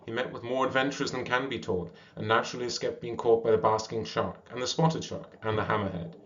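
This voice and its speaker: A man reading a classic animal story aloud at a steady pace, with small slips and restarts. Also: medium pitch, brisk. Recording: dull lo-fi recording.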